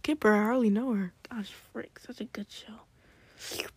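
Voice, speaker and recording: A woman chatting excitedly in a hushed, whispery late-night ramble at home, trying not to be heard. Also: medium pitch, a little slow, breathy edge, dry recording. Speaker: podcast host.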